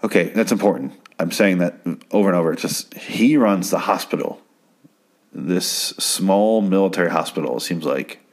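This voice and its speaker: A man's voice: low voice, a little fast. A man casually recapping a TV episode, rambling and swearing as he acts out the characters' lines.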